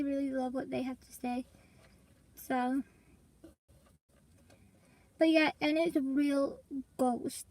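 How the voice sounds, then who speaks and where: A woman's voice: high voice, dry recording, low-quality recording. A young woman vlogging in casual, rambling chat to her viewers, coughing and congested from allergies. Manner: rambling, chatty, addresses viewers as y'all.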